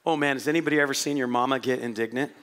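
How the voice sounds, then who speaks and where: Animated, bright-voiced male preacher. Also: mid-range voice, rapid-fire. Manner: animated, swings from quiet asides to shouted prayers. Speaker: pastor. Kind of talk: sermon.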